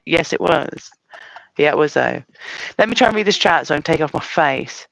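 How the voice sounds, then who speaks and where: A speaker with a Scottish accent chatting on a video call, animated and giggly and quick to laugh at themself. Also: medium pitch, vocal fry, no echo, poor audio. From Scotland. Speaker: co-host. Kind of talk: casual chat on a video call.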